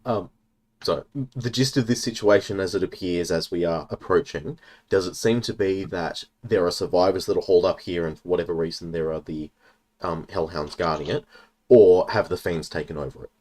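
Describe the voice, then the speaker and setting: A man playing in a tabletop game, speaking in a measured, somewhat formal way. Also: sits low, darkish tone. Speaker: player. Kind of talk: casual tabletop game chat.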